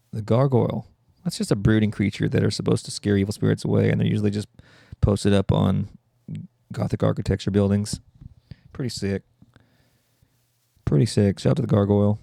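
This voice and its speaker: Dark, gravelly man joking on a podcast. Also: fairly low pitch, fairly even intonation, no echo, clean studio sound. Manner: irreverent, joking, quick asides. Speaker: podcast host. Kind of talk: comedic solo podcast.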